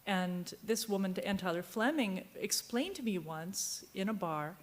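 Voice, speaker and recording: A woman's voice: medium pitch, lively intonation, measured pace. A woman novelist from Virginia on a book fair panel, telling a long, digressive anecdote and trailing off mid-sentence. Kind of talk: panel discussion, rambling anecdote.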